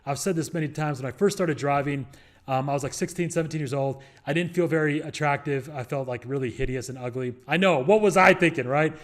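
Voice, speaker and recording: A young man rattles off advice at a quick clip, in a voice pitched a little above most men's. He rambles and jokes, full of fillers and restarts. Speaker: real estate investor and show host. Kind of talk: casual advice monologue.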